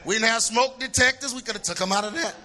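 High, bright-voiced preacher man. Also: fast talker. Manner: animated, shouts for emphasis, humorous storytelling. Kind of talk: sermon.

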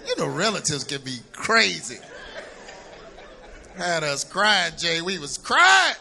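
Middle-aged male preacher, very high voice, piercing bright tone, animated sermon, shouts for emphasis, funny storytelling, faint congregation behind. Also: moderate pace, a faint crowd, a little hiss or hum.

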